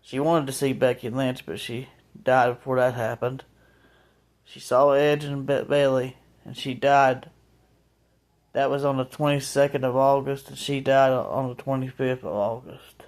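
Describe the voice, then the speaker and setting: A man's voice: mid-range voice, little pitch movement, measured pace, darkish tone. A man talking casually to his viewers in a rambling vlog, often restarting and repeating his words. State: emotional, voice breaking. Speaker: vlogger. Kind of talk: casual monologue to camera.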